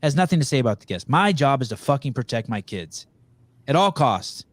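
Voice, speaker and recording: A man's voice: mid-range voice, sing-song, fairly quick, no room sound. A man hosting a podcast, talking over a video call in a blunt, profane, rambling way. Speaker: podcast host. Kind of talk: casual interview chat.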